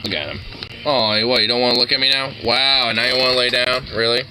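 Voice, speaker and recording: A man's voice: medium pitch, brisk, over music, poor audio. A young man at home chatting to his dog while brushing it, teasing and playful with crude swearing. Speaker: dog owner vlogger.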